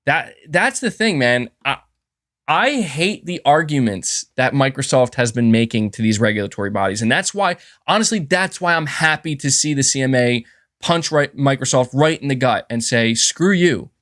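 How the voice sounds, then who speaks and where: A man's voice: medium pitch, expressive, moderate pace, a bit bright, no echo, studio quality. A man hosting a live stream, giving heated, profane commentary and reading out chat messages. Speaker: livestream host.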